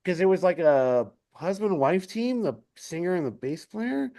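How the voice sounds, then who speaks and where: Laughing, animated storyteller man. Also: sits high, moderate pace. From Denver area. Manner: animated, laughing often, swears freely. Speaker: musician guest. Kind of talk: casual storytelling chat. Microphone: video call.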